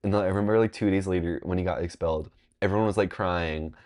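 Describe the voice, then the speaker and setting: A man in his twenties telling a rambling, animated storytime vlog, full of "like" fillers. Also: deep voice, fast talker. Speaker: vlogger. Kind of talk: casual storytime.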